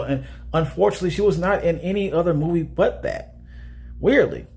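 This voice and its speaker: A man casually talking through a movie review in a chatty way, often checking in with "all right?". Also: a little high.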